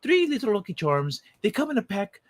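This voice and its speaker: A man's voice: high voice, big pitch swings, fairly quick, no echo, pitched above the performer's own voice. A man putting on a put-on Irish accent, voicing a jolly stoned man in a hammy, sing-song way.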